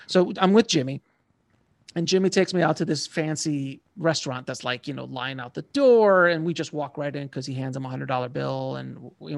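Man, casual interview, slangy, animated storytelling, gravelly. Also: fairly high pitch, dry recording. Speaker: author guest.

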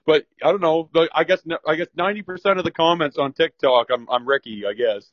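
A man's voice: a little high, fairly quick, dry recording, dull audio. A Canadian man talking as a guest in casual chat, laid-back, rambling and swearing a lot.

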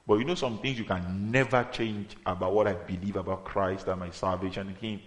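A man preaching a sermon, in an emphatic manner that rises to loud exhortation. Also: low-pitched, fairly even intonation, brisk. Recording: echoey room.

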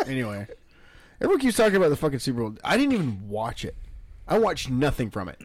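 A man's voice: mid-range voice, huge pitch swings, no room sound. A man hosting a podcast, chatting casually with friends, laughing and swearing often. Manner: laughing, swearing, quick asides. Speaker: podcast host. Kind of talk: casual chat.

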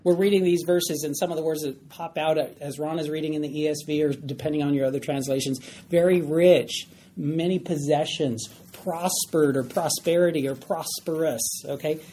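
A man's voice: on the high side, steady tone, moderate pace, mellow. A man teaching a Bible study class, conversational and often checking in with the group. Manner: conversational, checks in with "all right?". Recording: faint background noise.

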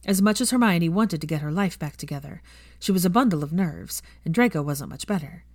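Low-voiced woman narrating a story. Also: expressive, a little fast, no room sound, studio quality. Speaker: fan fiction narrator. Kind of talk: scripted audiobook narration.

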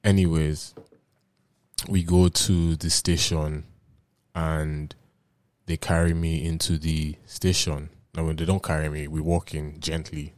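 Low-voiced Nigerian man telling a story. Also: a little slow, dry recording. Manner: laughing, animated storyteller. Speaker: podcast host. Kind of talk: casual storytelling chat.

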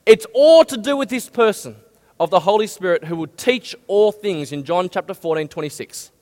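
A male pastor preaching a lively sermon and asking his listeners many questions. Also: high-pitched, normal speed. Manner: animated, asks the audience many questions. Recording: long hall reverb.

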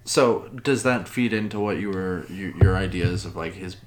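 A man co-hosting a podcast who speaks casually, often restarting his sentences as he steers the conversation with questions. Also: deep voice. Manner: halting, restarts and prompts questions. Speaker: podcast co-host. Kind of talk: casual chat.

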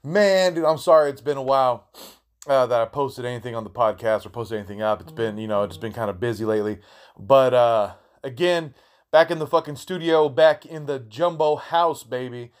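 Profane rambling podcast host. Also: male voice, medium pitch, normal speed. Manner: profane, rambling, slangy, with many restarts. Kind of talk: casual storytelling monologue.

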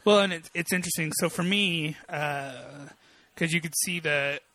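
A man's voice: on the high side, normal speed, sharp tone, no room sound. A man co-hosting a casual chat, telling a personal memory in an earnest, reflective way with many hesitations.

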